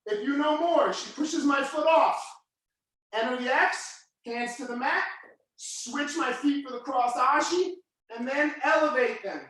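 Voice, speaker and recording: A man teaching a live online jiu-jitsu class, yelling his coaching cues as he walks students through each move. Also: very high-pitched, measured pace, heavy reverb.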